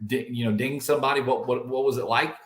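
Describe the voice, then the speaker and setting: Joking host in an echoey room. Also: male voice, medium pitch, steady tone, a little hiss or hum. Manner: joking, halting questions. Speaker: podcast host. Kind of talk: casual interview chat.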